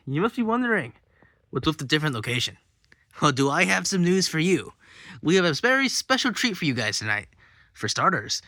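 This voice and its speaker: A man's voice: fairly high pitch, bright, forceful tone, dry recording. A man hosting a mock news broadcast in a plush comedy skit, rambling and mock-serious with many self-interruptions. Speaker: host of a plush comedy channel.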